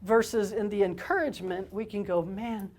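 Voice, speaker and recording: A woman's voice: medium pitch, steady tone, moderate pace, darkish tone. A woman counselor and parent trainer giving a parenting workshop talk, speaking conversationally and often checking in with "okay?".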